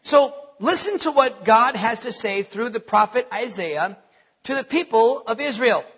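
High, bright-voiced man preaching a sermon. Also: a little slow, slightly rough, lo-fi sound. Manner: animated, joking, asks the congregation questions. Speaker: pastor. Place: church. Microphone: stage microphone.

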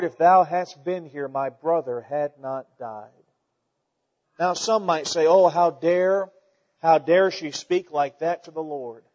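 A man's voice: fairly high pitch, darkish tone. A man preaching a sermon, reading scripture and rising to fervent emphasis, with repeated words as he builds. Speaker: pastor. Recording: dull lo-fi sound with long church reverb.

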